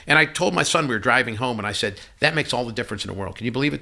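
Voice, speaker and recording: Male podcast guest, fast and bright, animated raconteur who voices everyone in his stories. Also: medium pitch, vocal fry. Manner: animated storyteller who acts out dialogue. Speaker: podcast guest, company CEO. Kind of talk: conversational storytelling interview.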